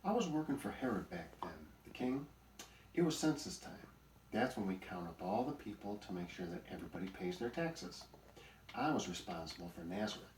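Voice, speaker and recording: A man's voice: on the low side, sing-song, moderate pace, darkish tone, slight background noise. A man voicing an old male buzzard grandpa in a storybook, sly, teasing and full of wisecracks. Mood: reminiscing. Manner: wisecracking, chuckling jokes. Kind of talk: storybook character voice. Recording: roomy recording, mic at a distance.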